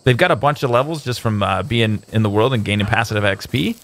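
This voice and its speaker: A man hosting a gameplay video, upbeat and excitable, joking with a guest. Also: fairly low pitch, brisk, gravelly, a little hiss or hum. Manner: upbeat and excitable, playful banter. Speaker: host. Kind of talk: casual gameplay commentary.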